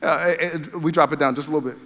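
Conversational preacher in a reverberant hall. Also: male voice, fairly high pitch, rapid-fire. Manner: conversational preaching with restarts, rising animated for dramatic retellings. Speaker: pastor. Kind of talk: sermon.

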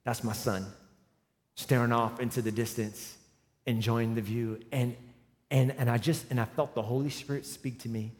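A man in his forties preaching a sermon, telling a humorous personal story and building to loud, emphatic runs. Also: mid-range voice, steady tone, normal speed. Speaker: pastor. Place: large church hall with live audience. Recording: long hall reverb.

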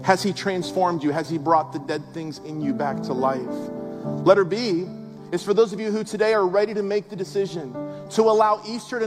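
A man preaching a sermon with a notably high voice, talking to his congregation in an easy, conversational way that keeps building emphasis. He asks question after question of the room. His voice rings out in a big hall with a long echo, and soft music plays underneath. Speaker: pastor. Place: large church auditorium.

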